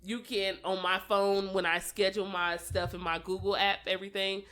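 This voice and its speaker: A woman's voice: medium pitch, little pitch movement, normal speed, fairly bright tone. A woman co-hosting a podcast in casual chat, telling playful stories with frequent giggles. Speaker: podcast co-host.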